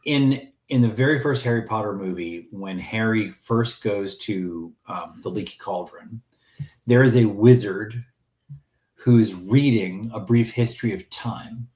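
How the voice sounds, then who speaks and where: A man's voice: on the low side, unhurried, a little mellow, echoey room. A man co-hosting a fan podcast in casual chat, enthusiastic and joking, with frequent restarts. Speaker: podcast co-host.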